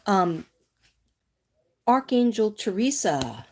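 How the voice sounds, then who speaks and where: Woman, livestream psychic host, casual and reassuring, rambles, mid pitch. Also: sing-song, slow, a little mellow, a little hiss or hum. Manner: chatty, reassuring, drifts off on tangents; reads from oracle cards and speaks to viewers by name.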